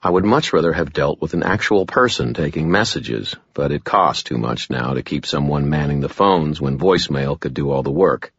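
A man narrating a first-person audiobook in a wry, deadpan way. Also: rumbling low, slightly rough, dry recording, dull audio.

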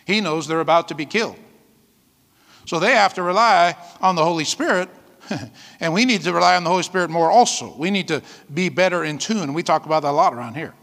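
A man preaches a sermon with a high, bright voice that carries a long reverb from the hall around him. His delivery is lively and conversational, and he keeps checking in with the congregation. He breaks into light laughter between his points. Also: fairly quick. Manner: lively preaching, frequent "amen?" calls, laughs often. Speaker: pastor.

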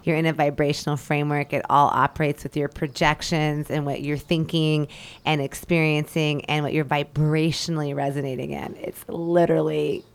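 A woman's voice: sits low, level tone, moderate pace, clear, resonant tone. A woman co-hosting a radio talk show, speaking emphatically and enthusiastically about spiritual growth. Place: radio studio.

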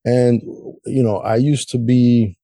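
A man's voice: mid-range voice, flat delivery, takes it slowly, mellow, no echo, clean studio sound. A man co-hosting a podcast, talking politics bluntly with lots of swearing and a casual "man" in most sentences. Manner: blunt, heavy swearing, says "man" often. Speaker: podcast co-host.

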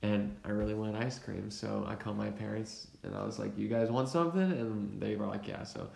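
A young man rambles through a story in casual chat. His voice sits low with a gravelly fry and trails off in fillers, and the room adds a clear echo. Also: completely flat delivery, brisk, a little mellow. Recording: roomy echo.

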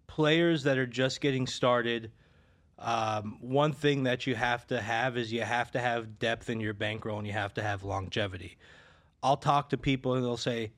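A man's voice: mid-range voice, fairly bright tone. A man working as a sports betting advisor, telling stories in a casual chat, with many restarts and fillers.

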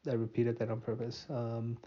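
A man's voice: mid-range voice, completely flat delivery, normal speed, dark tone, husky, highs cut off. A tired man hosting a casual solo podcast, rambling and mocking himself with many restarts and fillers. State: tired, yawning. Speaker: podcast host.

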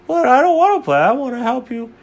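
A dad putting on a yappy excited dog. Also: male voice, fast talker, gravelly, exaggerated voice. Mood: eager. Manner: high and excited. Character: excitable eager male pet dog.

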